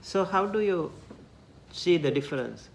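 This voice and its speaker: A man's voice: sits high, lively intonation, a little slow, vocal fry, a little hiss or hum. A man teaching a classroom language lesson, patiently repeating syllables for his students.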